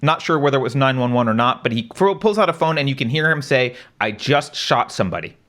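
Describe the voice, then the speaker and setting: A man's voice: mid-range voice, quick pace, fairly bright tone. A man hosting a talk stream, walking through events in a casual, conversational way, asking rhetorical questions and often adding "right?". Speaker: show host. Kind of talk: live-stream commentary.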